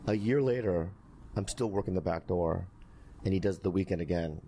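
A man's voice: deep voice, normal speed, mellow, slight background noise. A man telling a story on a podcast, acting out the lines other people said. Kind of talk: anecdote on a podcast.

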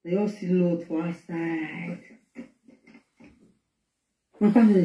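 A woman's voice: on the low side, animated, measured pace, long pauses, far from the mic. A woman with a Nigerian Pidgin accent telling an emotional personal story on a live stream, acting out what people said. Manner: emotional storytelling with quoted dialogue. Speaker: guest speaker. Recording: echoey, dull audio.

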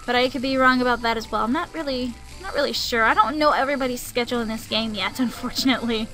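Young woman, let's play commentary, chatty, exasperated, high voice, soft game music. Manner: chatty, sings to herself, turns exasperated and grumbling. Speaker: gaming channel host.

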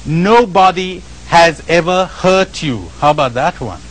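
Animated man lecturing with lively pitch. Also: measured pace, low-quality recording. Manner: animated, questioning, often asks the audience questions; acts out the voices of the people he describes. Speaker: spiritual teacher. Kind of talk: lecture to a live audience.

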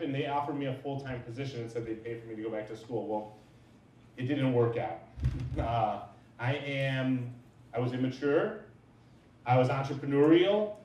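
A man's voice: medium pitch, a little mellow, slight background noise. A man in his thirties, a business owner, giving an informal talk and rambling through anecdotes with lots of fillers. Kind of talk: informal lecture. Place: large echoey lecture room. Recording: echoey hall from far off.

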